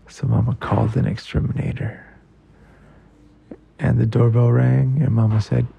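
A man gently telling a bedtime story at an unhurried pace. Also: medium pitch, flat delivery, gravelly, breathy edge, lo-fi sound.

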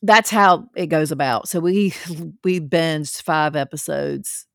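A woman co-hosting a casual chat podcast, chatty and quick to laugh. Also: sits low, creaky, fairly bright tone, no echo, studio quality. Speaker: podcast co-host.

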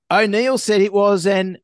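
A man's voice: sits high, smooth, no echo, studio quality. A man co-hosting a casual chat, reading news items aloud, playful and laughing often. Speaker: co-host.

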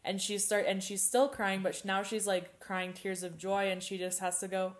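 A young woman co-hosting a podcast in casual chat, rambling and animated, swearing casually. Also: mid-range voice, normal speed. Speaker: podcast co-host.

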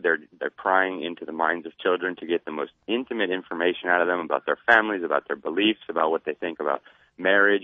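A man speaking as a guest columnist on a radio show, intense and deliberate. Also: low voice, dry recording. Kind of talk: radio interview. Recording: tinny phone line.

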